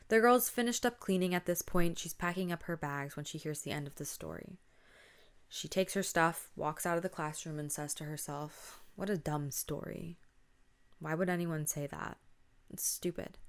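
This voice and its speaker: A woman's voice: on the low side, expressive, moderate pace, clear, resonant tone. A woman hosting a podcast, casually retelling a spooky story and dropping to a whisper at tense moments. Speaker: podcast host.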